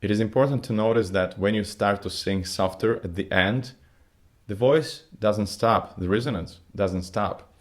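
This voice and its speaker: Male vocal coach, somewhat low voice; patient, step-by-step singing lesson delivery with slightly phrasing. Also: moderate pace. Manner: non-native phrasing, patient step-by-step explaining.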